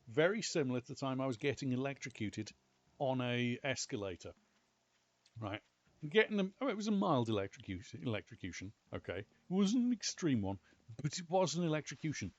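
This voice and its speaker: A British man casually chatting and telling stories while playing a game, animated and exclamatory. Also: a little high, dry recording, lo-fi sound. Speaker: gaming channel host. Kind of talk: casual gameplay commentary.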